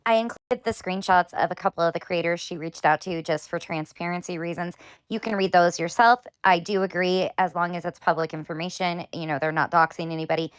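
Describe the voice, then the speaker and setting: A woman's voice: on the low side, steady tone, a little fast, smooth, no room sound. A woman hosting a commentary video, talking through clips with pointed, sarcastic questions. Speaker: commentary host. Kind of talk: drama commentary.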